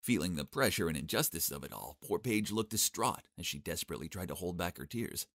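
A young man narrating a first-person animated story in a cocky, sarcastic, expressive way. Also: deep voice, brisk, dry recording, clean studio sound.

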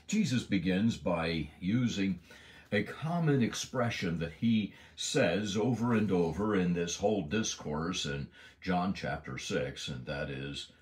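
A man's voice: low-pitched, animated, measured pace. A man giving an earnest devotional Bible lesson, stressing key words with emphasis. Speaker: Bible teacher.

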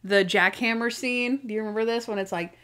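A woman's voice: a little high, a little fast. Chatty woman podcast co-host. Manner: animated retelling, acting out quoted lines. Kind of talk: casual chat recapping TV episodes.

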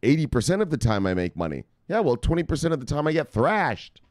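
A man hosting a crypto news show, ranting and swearing as he reads the headlines, laughing at his own jokes and swinging from shouting to muttering. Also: fairly high pitch, big pitch swings, fast, no room sound, studio quality. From United States. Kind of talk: profane ranting commentary.

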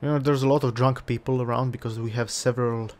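A man's voice: medium pitch, fairly even intonation, quick pace, darkish tone, slight background noise. A man casually commenting on his own survival game as he plays, muttering to himself and talking to the game. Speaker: let's play gamer.

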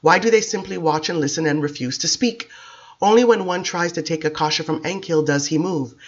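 A man reading a dark novel aloud in the first person, with dramatic, intense storytelling, on a dull lo-fi recording. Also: a little high, husky. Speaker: audiobook reader.

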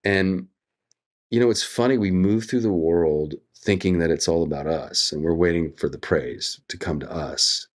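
A middle-aged man speaking as a guest in an interview, earnest and thoughtful, with lively quoted asides. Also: sits low, normal speed. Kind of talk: reflective interview conversation.

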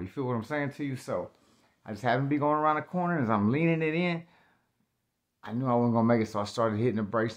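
A man telling a story about himself in slangy, animated speech that jumps into loud acted-out outbursts. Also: medium pitch. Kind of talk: casual spoken storytelling.

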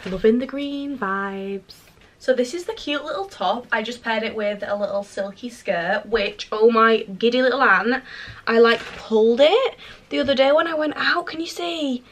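A woman's voice: a little high, normal speed, a bit bright, slight background noise. A woman in her twenties with a British accent, chatting casually and gushing in a home vlog. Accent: British English. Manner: chatty, gushing, full of fillers. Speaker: vlogger. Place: bedroom at home.

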